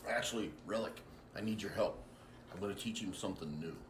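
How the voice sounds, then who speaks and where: A man's voice: low-pitched, a little fast, distant mic. A man playing a tabletop game, talking in an instructive, mentoring way. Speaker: player. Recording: echoey room with background noise.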